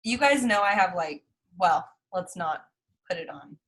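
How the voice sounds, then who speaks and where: A woman's voice: lowish voice, lively intonation, a little slow, a crowd in the background. A woman from the Central Valley of California co-hosting a podcast, telling chatty personal stories in casual talk. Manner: chatty storytelling, personal asides. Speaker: podcast co-host. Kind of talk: casual chat recapping a movie.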